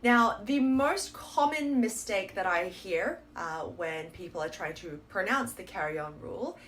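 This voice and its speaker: A woman teaching a pronunciation lesson, explaining patiently and sounding out model words slowly and clearly. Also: medium pitch, a bit bright. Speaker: Korean language teacher.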